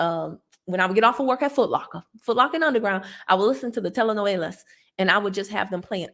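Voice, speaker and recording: A woman from the Southern United States with a Southern American accent hosts credit tips, speaking fairly quickly in a mid-range, fairly bright voice. She answers a viewer casually and preachily, laughing as she goes.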